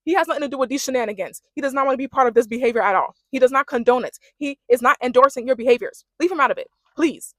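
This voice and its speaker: A woman's voice: high voice, racing, few pauses, fairly bright tone, no echo, studio quality. A young woman giving a casual, sassy rant recapping a reality dating show and mimicking the cast as she goes.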